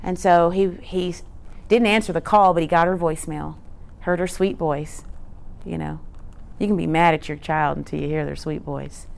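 A woman's voice: low-pitched, fairly even intonation, normal speed, gravelly, darkish tone. A woman presenting a teaching talk in an earnest, conversational way, often asking rhetorical questions. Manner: conversational, frequent rhetorical "right?"; earnest, emphatic.

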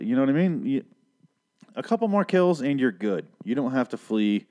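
A man's voice: medium pitch, big pitch swings, normal speed, warm tone. A man recapping a TV episode in a casual, profane rant, sarcastic and exasperated. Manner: ranting, sarcastic, heavy swearing.

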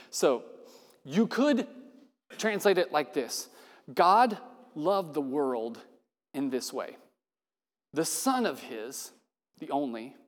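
Animated preacher in a reverberant hall. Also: male voice, a little high. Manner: conversational and animated, acts out quoted dialogue. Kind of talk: sermon.

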